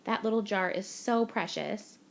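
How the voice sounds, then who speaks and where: A woman's voice: medium pitch, unhurried, creaky. Gushing woman crafter talking through steps. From Canada. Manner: gushing, chatty step-by-step explaining. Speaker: card-making crafter. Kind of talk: craft tutorial voice-over.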